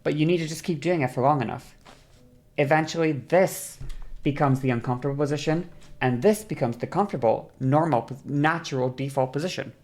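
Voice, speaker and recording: A woman's voice: low-pitched, fairly quick, a little mellow. A woman streamer casually explaining, demonstrating by sliding her voice up and down, rambling and correcting herself as she goes. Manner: rambling, self-correcting, laughs often.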